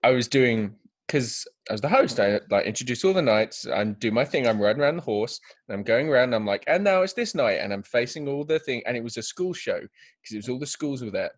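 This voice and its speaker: A man co-hosting a podcast, telling a rambling story that builds into excited outbursts. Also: medium pitch, brisk. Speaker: podcast co-host.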